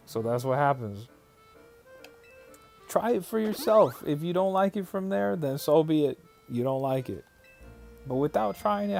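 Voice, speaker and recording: A man hosting a livestream, reading viewer messages aloud and answering them in a loose, conversational way. His voice sits at a middle pitch, and he often stops to restart a sentence or fill a pause. Soft music plays faintly behind him. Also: vocal fry. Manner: reads viewer chat aloud and answers casually, many fillers and restarts. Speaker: livestream host. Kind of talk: casual livestream chat.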